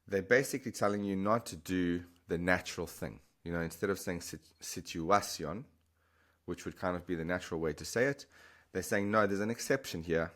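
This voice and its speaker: A man explaining a language lesson, patiently repeating words slowly for the learner. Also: low voice, fairly bright tone. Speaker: Spanish teacher.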